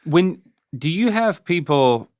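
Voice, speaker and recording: A middle-aged man with a Southern North Carolina accent, hosting a casual chat in a quick, wry way. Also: fairly high pitch, big pitch swings, darkish tone, no room sound, studio quality. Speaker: host.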